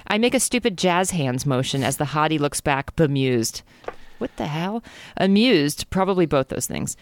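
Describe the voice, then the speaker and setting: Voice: mid-range voice, animated, normal speed, a little hiss or hum. A podcast co-host reading a romance novel aloud in a casual, comedic way, giggling and stumbling over words.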